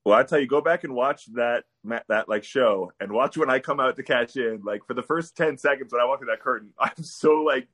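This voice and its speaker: A man's voice: medium pitch, a little fast, few pauses, a bit bright, husky. A man telling a story on a casual podcast, laughing as he goes. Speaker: guest wrestler.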